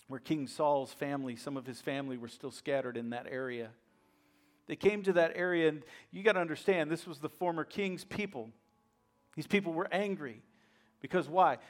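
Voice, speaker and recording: A male pastor with a somewhat high voice preaches a sermon, retelling a story dramatically and swinging between hushed lines and loud, emphatic ones.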